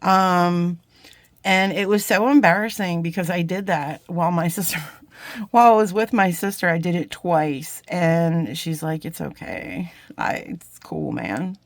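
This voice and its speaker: A woman's voice: on the low side, fairly even intonation, a little slow, no echo. A woman chatting casually while demonstrating a jewelry craft, rambling and getting sidetracked in a friendly way. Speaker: jewelry-making YouTuber. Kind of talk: casual crafting tutorial chat.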